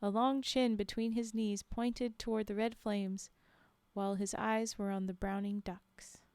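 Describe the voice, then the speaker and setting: A woman's voice: medium pitch, little pitch movement, measured pace, a little mellow, clear, resonant tone, no room sound. A woman streamer reading folktales aloud on a live stream, breaking off for laughing asides to her chat. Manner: laughing asides to chat between read passages.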